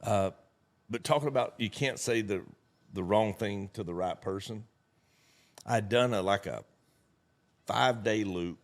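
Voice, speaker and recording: A middle-aged man with a drawl and a somewhat low voice holds the floor in a relaxed conversation. He tells folksy anecdotes and slips into the voices of the people in them. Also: unhurried, long pauses. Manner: folksy, animated storyteller acting out quotes. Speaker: network marketing leader, guest speaker. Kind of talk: casual storytelling conversation.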